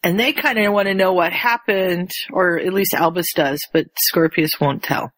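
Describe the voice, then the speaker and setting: A woman casually retelling a story as a podcast co-host, animated and quick to jump into high voices for the people she quotes. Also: no room sound, poor audio. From rural area with chicken farms. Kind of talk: casual chat.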